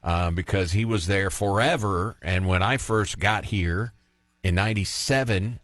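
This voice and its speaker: Low-voiced chatty male sports radio host. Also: a little slow, fairly bright tone, no room sound. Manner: chatty, opinionated, storytelling. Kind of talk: casual sports radio talk. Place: radio studio.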